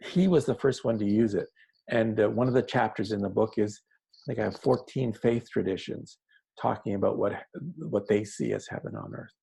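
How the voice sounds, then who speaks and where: Male interview guest, low husky gravelly voice, mellow tone, earnest storyteller. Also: sing-song, moderate pace, low-quality recording. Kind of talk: conversational interview.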